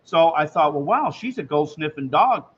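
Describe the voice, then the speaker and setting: A man's voice: a little high, lively intonation, normal speed, slightly rough. A man hosting a radio show, chatting easily about his dog. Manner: easygoing, chatty. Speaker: host. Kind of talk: casual chat. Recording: dull lo-fi line with faint hiss.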